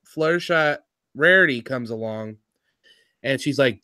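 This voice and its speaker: A man talking in a loose, casual chat at a middling pitch, rambling and excitable. He swears freely and keeps restarting his sentences as his thoughts jump ahead. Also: moderate pace. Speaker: podcast host reviewing cartoon episodes.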